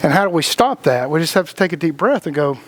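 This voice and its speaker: A man with a high voice talks in a loose, rambling way, often repeating words and breaking into laughter. He co-hosts a casual spiritual chat and acts out the voices of people he quotes. The sound is dry and close, with no room echo. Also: animated, fast. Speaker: podcast co-host.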